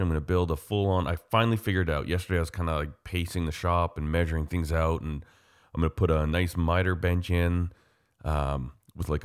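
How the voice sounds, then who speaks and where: A man from Canada with a very deep, low voice talks in an easy, rambling way. He is enthusiastic and full of fillers as he chats casually. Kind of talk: casual chat.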